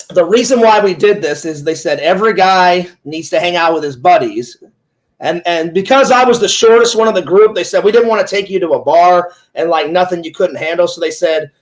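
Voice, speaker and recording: High-voiced man in his forties, rambling. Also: rough recording. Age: 40s. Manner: rambling retelling full of "he goes" quotes. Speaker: interviewer and streamer. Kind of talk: casual storytelling in an interview.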